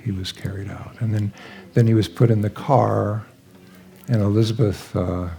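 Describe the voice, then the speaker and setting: Older man with a gravelly, husky voice. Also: fairly low pitch. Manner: gentle, halting, searching for words. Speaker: guest speaker at a spiritual gathering. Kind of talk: reflective talk with personal stories. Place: live talk to a gathered audience.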